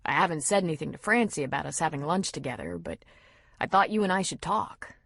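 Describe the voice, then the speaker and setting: A woman voicing an earnest, slightly nervous young man in an audiobook, with a husky voice. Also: deep voice, animated, fast talker, fairly bright tone, no echo, clean studio sound, full character voice. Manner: earnest, reassuring.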